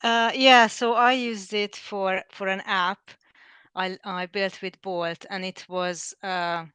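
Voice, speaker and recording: A woman's voice: medium pitch, fairly even intonation, slow, a bit bright, smooth, no echo. A woman chatting on a video call, hesitant and restarting as she explains. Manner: hesitant, restarting with short laughs. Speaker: participant. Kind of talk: casual group chat.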